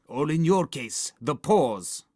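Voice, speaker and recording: A woman's voice: sits low, sing-song, slow pace, dark tone, breathy edge, dry recording, clean studio sound, voice pushed up, exaggerated voice. A woman voicing a snooty, sneering vampire from a silly monster film in a storybook reading, hissing and haughty.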